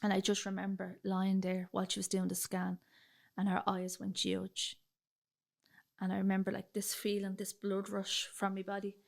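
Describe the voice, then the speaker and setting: Her voice is medium-pitched, monotone, and creaky, moving at a moderate pace. She's a young woman from Ireland with a Dublin accent, chatting on a podcast about her personal story, acting out the dialogue and using fillers like "like."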